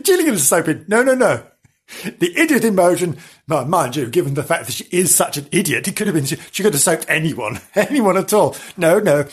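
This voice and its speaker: A man's voice: high voice, husky. A man reading a comic animal story aloud, breaking off into playful, giggly asides to the listener.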